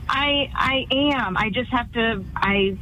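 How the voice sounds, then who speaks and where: A woman calling into an advice show, talking earnestly with halting restarts. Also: on the high side, noisy background. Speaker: caller. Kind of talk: call-in advice talk.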